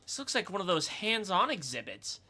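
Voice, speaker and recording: A man's voice: sits high, big pitch swings, moderate pace, very noisy. Joking man streaming a game. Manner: casual and joking, with filler words. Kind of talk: game commentary.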